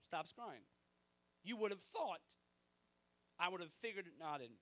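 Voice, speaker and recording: Male pastor, fairly high voice, lively storytelling sermon. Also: measured pace. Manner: animated, conversational storytelling.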